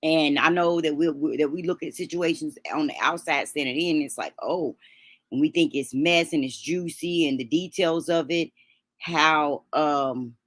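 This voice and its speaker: A grieving woman speaks in a low, husky-edged register, her words halting and full of restarts as she sniffles back tears. The sound is dry and close, with no room around her. She hosts a livestream and talks straight to her viewers. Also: fairly bright tone, no echo. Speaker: livestream host. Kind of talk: emotional livestream talk.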